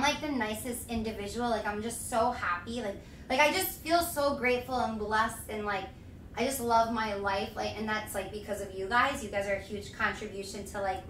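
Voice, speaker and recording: Young woman streamer, gushing and breathless, high voice, recorded from a distance in an echoey room. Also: bright, forceful tone, slight background noise. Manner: bubbly, effusive, giggly. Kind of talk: casual live-stream chat.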